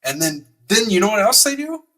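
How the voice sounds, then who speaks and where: Man, podcast host, motivational monologue, quick, bright, slightly distant mic. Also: sits high. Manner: energetic, rambling storytelling with many fillers.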